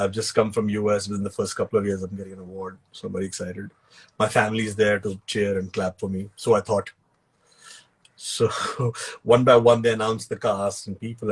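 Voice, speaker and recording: A male guest actor and author with an Indian English accent tells funny anecdotes on a video call in a relaxed interview, laughing as he goes and mixing in Hindi phrases. His voice is fairly low in pitch, a bit bright, and slightly rough.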